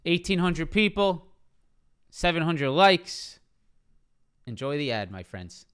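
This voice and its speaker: Casual male trading streamer, smooth voice. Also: on the high side, sing-song, slow pace, fairly bright tone. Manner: casual, repeats levels and asks "right?" often. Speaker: stock trading live streamer. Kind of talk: live market analysis stream. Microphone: streaming microphone.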